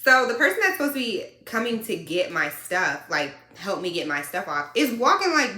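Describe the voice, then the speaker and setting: A woman truck driver telling a story in a casual, animated and sassy way. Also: on the high side, moderate pace. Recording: roomy echo.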